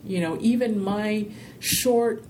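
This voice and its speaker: A woman with a warm, mellow voice answers interview questions in a loose, rambling way, peppering her stories with "you know". She tells them with animated energy. A faint low rumble sits behind her. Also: slow. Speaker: interview guest, filmmaker. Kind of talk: casual interview conversation.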